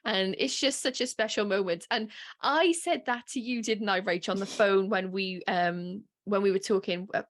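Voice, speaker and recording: A woman's voice: medium pitch, normal speed, hardly any pauses. Woman podcast co-host, chatty and emotional, mid-range voice, casual talk. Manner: chatty and emotional, with frequent fillers and laughs.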